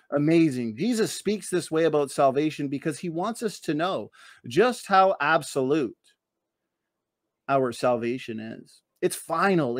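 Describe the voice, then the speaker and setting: A man's voice: a little high, dry recording, clean studio sound. A man giving a debate opening statement, emphatic and sarcastic, firing off rhetorical questions.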